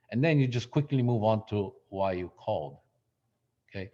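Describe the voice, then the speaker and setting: A man coaching a class on phone scripts in a relaxed, conversational way, with many fillers and restarts. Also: medium pitch, moderate pace, dull audio. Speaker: real estate trainer.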